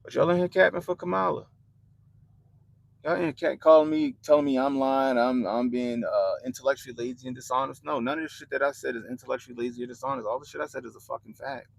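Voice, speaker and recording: A young man hosting a livestream, ranting bluntly and profanely about politics to his chat in animated slang. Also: mid-range voice, fast talker, vocal fry, no echo, low-quality recording. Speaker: livestream host.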